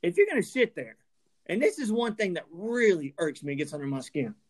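A man's voice: high-pitched, very animated, brisk. A man co-hosts a podcast and vents in a heated rant. His voice jumps all over the place, and he keeps stammering and restarting as his anger builds. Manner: angry, emphatic, stammering restarts. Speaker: podcast co-host.

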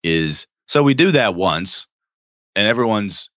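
A man's voice: on the low side, animated, unhurried, fairly bright tone, dry recording, clean studio sound. A man co-hosting a podcast, chatting casually and rambling about role-playing games as he thinks aloud. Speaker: podcast co-host.

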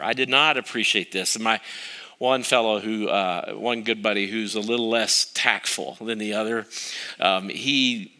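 Wry, bright-voiced male pastor preaching. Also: lowish voice, unhurried. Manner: self-mocking, storytelling with wry humor. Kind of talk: sermon.

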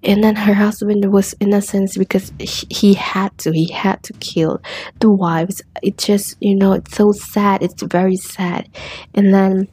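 A woman's voice: medium pitch, level tone, unhurried, dark tone, slightly rough. A woman with casually retelling a true-crime story, rambling with restarts and fillers. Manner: rambling, many restarts and fillers, acts out quotes.

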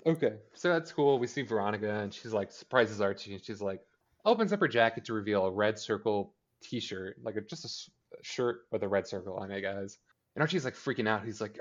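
Podcast co-host, male, lowish voice, chatty and sarcastic, dull lo-fi sound. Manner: chatty, sarcastic, acts out characters' lines in quick impressions. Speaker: podcast co-host recapping a TV episode. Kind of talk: casual chat.

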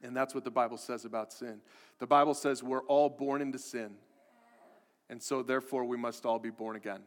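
A man's voice: mid-range voice, fairly even intonation, fairly quick. A man preaching a sermon as a pastor, earnest and repetitive, building emphasis as he goes. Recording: long hall reverb.

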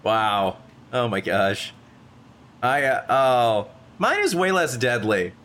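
Excitable, laughing man, noisy mic. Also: mid-range voice, takes it slowly. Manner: laughs a lot, rambling and excitable. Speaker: podcast co-host. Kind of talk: casual chat. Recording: noisy background.

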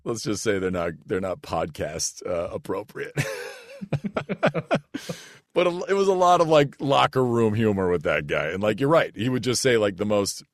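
A man from the United States, an actor and podcast guest, telling an anecdote in an animated, casual way and laughing through it. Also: on the low side, moderate pace, no room sound, studio quality. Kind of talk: casual storytelling.

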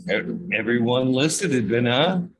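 A man's voice: mid-range voice, animated, measured pace, husky, low-quality recording. A man hosting a casual livestream chat, greeting viewers and guests by name in a laid-back way. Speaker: host.

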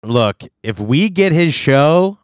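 A man's voice: fairly high pitch, very animated, takes it slowly, no room sound, studio quality. A man co-hosting a casual comedy chat, playful and reading out posts. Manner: playful, reads from a forum, laughs along. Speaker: podcast co-host.

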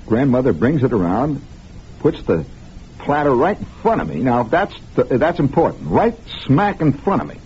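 On a lo-fi 1960s radio broadcast with faint hiss, a man spins a long improvised story straight to his listeners, conspiratorial and mock-grave. His medium-pitched voice swings widely, with a darkish tone and moderate pace.

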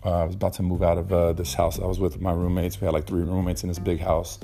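A man's voice: sits low, flat delivery, fast, mellow. A young man hosting a casual solo podcast, rambling and swearing freely with lots of ums and uhs. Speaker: podcast host.

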